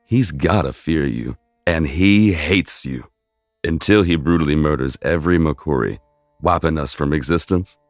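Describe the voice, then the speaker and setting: A man playing a loving middle-aged wizard father who speaks earnestly and gently. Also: extremely low pitch, normal speed, no room sound, studio quality. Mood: solemn.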